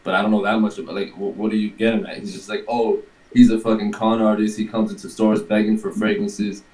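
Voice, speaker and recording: Man, lowish voice, casual rambling story, swears, acts out quotes. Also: flat delivery, fairly quick, darkish tone, reverberant, low-quality recording. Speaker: guest telling a workplace story. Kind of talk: casual chat.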